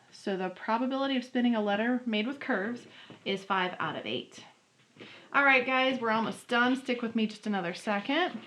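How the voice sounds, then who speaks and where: A woman's voice: a little high, fairly bright tone. Chatty woman teaching math step by step. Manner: friendly, talks students through each step aloud. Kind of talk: classroom math lesson. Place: home.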